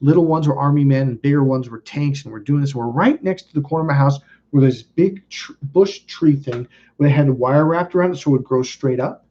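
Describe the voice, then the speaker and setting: Husky guy rambling through a story, jumps up high when he quotes people, kinda dull lo-fi sound. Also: a little fast, few pauses. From California. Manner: animated, acts out quotes with sudden high exclamations. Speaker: channel host. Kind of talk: casual storytelling monologue. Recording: dull lo-fi audio.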